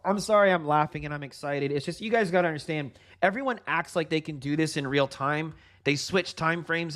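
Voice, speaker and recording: A man hosting a live trading stream, giving excited market commentary and talking straight to his viewers. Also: on the high side. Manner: excited, hyped, laughs often; addresses viewers directly with "guys" and "folks". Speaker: livestream trading host.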